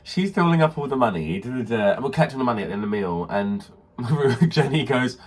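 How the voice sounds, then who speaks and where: A young British man co-hosting a chatty podcast, telling an animated, gossipy story and acting out the people in it. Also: medium pitch, fast talker. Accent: British English. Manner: animated, gossipy, acts out voices in anecdotes. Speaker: podcast co-host. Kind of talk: casual storytelling chat.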